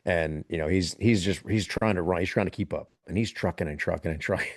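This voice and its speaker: On a laid-back podcast, a military veteran with a very deep voice tells an animated story at a brisk clip, laughing here and there. His sound is close and dry, with no echo.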